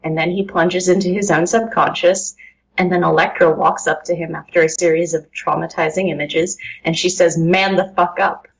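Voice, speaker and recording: A woman's voice: lowish voice, level tone, moderate pace, breathy edge, muffled recording. Female co-host, sarcastic and dry, casual chat. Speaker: podcast co-host.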